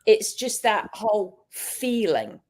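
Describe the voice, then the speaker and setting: A woman, a hypnotist hosting an interview, talking enthusiastically in a casual chat, often pausing on fillers. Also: mid-range voice, big pitch swings, darkish tone. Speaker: hypnotist and podcast host.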